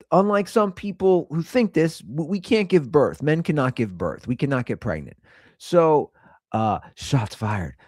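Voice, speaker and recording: American male podcast host in his thirties, lively casual rant, dry room. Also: no room sound. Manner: animated, acts out quotes in higher voices.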